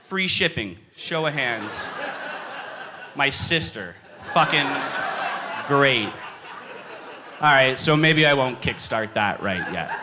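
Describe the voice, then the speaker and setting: A young man doing stand-up in a comedy club, his voice bright and higher than most men's. He swings his pitch all over the place and breaks into sudden yells when he acts out his stories. Audience laughter rises behind him. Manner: animated, yelling bursts in acted-out stories.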